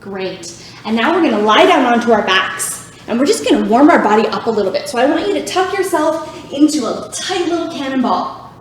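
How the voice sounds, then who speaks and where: A woman's voice: high voice, sing-song, brisk, slight background noise. A woman leading a children's yoga class, cheerful and encouraging, making animal sounds to guide the poses. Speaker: youth yoga instructor. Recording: very echoey room.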